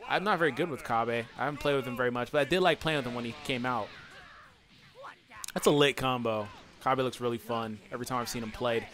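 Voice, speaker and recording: A man doing let's play commentary, excitable and yelling taunts at his opponents over faint game music. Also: mid-range voice, fast. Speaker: gaming channel host.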